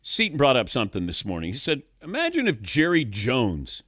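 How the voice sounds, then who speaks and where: A man's voice: mid-range voice, wildly swooping pitch, fairly quick, fairly bright tone, no echo, studio quality. A middle-aged man hosting a sports talk show, chatting casually and laughing often. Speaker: sports talk radio host.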